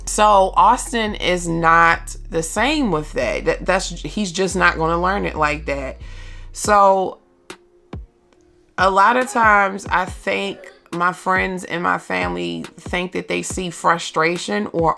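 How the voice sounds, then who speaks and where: A mother talking candidly in a personal vlog, slow and halting, with many pauses and ums, open about her feelings. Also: fairly low pitch, vocal fry, sharp tone, soft background music. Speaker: mother vlogger.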